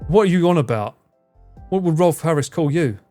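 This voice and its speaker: Animated, swearing English streamer. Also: male voice, fairly high pitch, moderate pace, faint music behind. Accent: English, Essex. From England. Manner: swears a lot, laughs often, animated and teasing. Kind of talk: casual live-stream chat with viewers.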